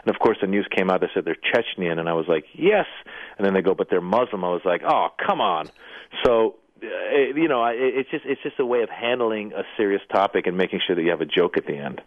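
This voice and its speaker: A man with a somewhat low voice tells stories with a comic, self-mocking edge, pausing and restarting often. He comes through a narrow, phone-like line that sounds dry and close, with no room around it. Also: no echo. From Iranian-American family. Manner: storytelling with hesitations, self-deprecating. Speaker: comedian and actor, interview guest. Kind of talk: casual anecdote-telling interview.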